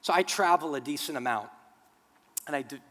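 Higher-voiced male preacher in a reverberant hall. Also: brisk. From United States. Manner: earnest teaching that swells into loud, emphatic bursts, with humorous stories. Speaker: pastor. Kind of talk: sermon. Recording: long reverb of a large hall.

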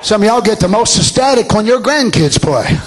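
A man preaching a fiery revival sermon, often shouting and acting out churchgoers and sports fans. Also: high voice, expressive, normal speed.

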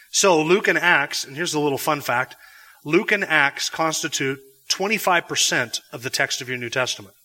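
This man's voice is medium in pitch with a sharp tone, heard under long hall reverb. Leading a Bible class in a classroom or church hall, he explains things patiently, frequently starting his sentences over.

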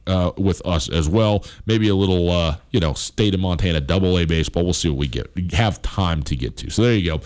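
A middle-aged man hosts a sports show in a low voice. He rambles with plenty of fillers and restarts, and his nose is stuffed up from allergies. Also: a little mellow. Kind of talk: casual sports talk.

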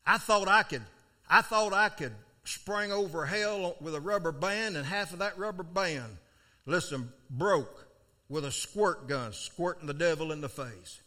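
An older man preaching, telling a folksy story from his own life, with sudden loud outbursts. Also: a little high, measured pace. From South Florida. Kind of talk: storytelling sermon.

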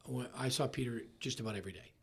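A middle-aged man in a casual interview, talking in halting bursts with many restarts and trailing off softly. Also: mid-range voice, gravelly, husky. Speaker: ski resort marketing executive, guest.

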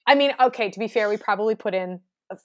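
A woman in her thirties, a wedding planner chatting casually on a podcast, telling a story with lively acted-out quotes. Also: medium pitch, quick pace. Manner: animated storyteller who acts out quotes.

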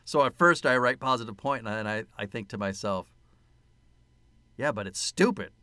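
A man's voice: mid-range voice, lively intonation, moderate pace, sharp tone, clean tone, no echo. A man co-hosting a casual movie-review podcast, sarcastic, swearing freely and laughing at his own jokes. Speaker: podcast co-host.

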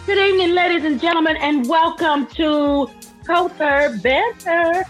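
A woman's voice: extremely high pitch, unhurried, faint music behind, poor audio. A woman hosting a podcast in a casual chat, with a playful, teasing manner. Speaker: podcast host.

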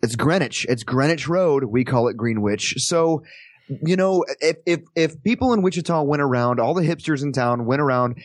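A man from Kansas, a guest on a podcast, talking in an animated, rambling way with lots of restarts. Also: a little high, normal speed, no room sound. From Kansas, USA. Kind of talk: casual chat.

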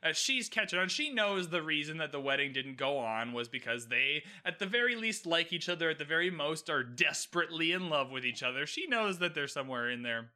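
A man's voice: a little high, lively intonation, fairly quick, hardly any pauses, pushed and bright. A man giving a casual, opinionated recap of a TV episode, ranting emphatically and swearing freely. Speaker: TV recap host.

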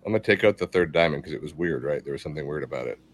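A man's voice: a bass voice, lively intonation, very fast. A man playing in a tabletop game over an online call, speaking uncertainly and trailing off. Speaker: player. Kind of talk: casual tabletop play.

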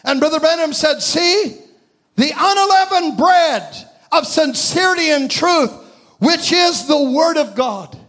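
A man preaches a sermon in a very high, ringing voice, building a story with impassioned shouts. He slows some phrases right down for weight. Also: animated.

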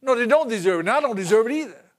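A middle-aged man, preaching a sermon in a folksy, animated storytelling way. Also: extremely high pitch, racing.

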